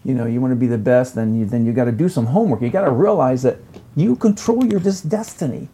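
Man, middle-aged, gravelly, dark husky tone, effusive storyteller, casual chat. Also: medium pitch, lively intonation, quick pace. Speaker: guest, chef and lecturer. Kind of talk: casual conversation.

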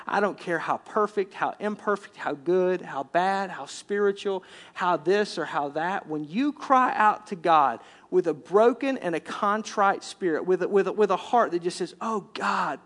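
High-voiced man preaching with animated emphasis. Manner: acts out complaining voices. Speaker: pastor. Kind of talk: sermon.

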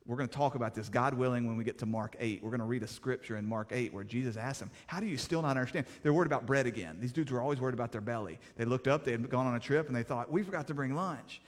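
Animated preaching man in a reverberant hall. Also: medium pitch, rapid-fire, hardly any pauses. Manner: animated preaching, swings from loud to soft. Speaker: pastor. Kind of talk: sermon.

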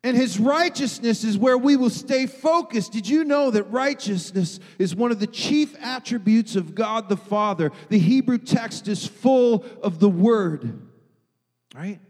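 Emphatic high-voiced preacher in a hall. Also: male voice, lively intonation, measured pace. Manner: emphatic, swings from loud to hushed. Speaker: pastor. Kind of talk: sermon.

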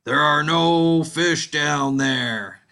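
A man putting on the slow, loud, drawn-out voice of an unseen male ice rink manager in a told joke. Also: on the high side, creaky, voice pushed up, exaggerated voice. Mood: stern.

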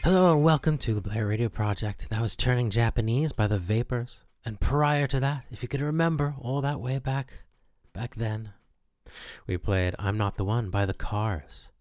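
A man hosting a comedic mock radio show with deadpan, pompous announcer patter. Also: mid-range voice, normal speed, dry recording, clean studio sound, soft background music. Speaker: host.

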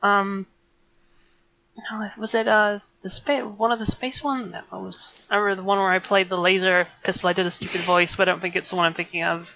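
A tabletop player rambles through a half-remembered story, stalling on fillers. The voice is bright and sharp, but the tone stays flat with little rise and fall. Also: medium pitch, a little fast, creaky, no echo, muffled recording. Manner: hesitant, rambling, searching for words. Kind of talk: casual chat among players.

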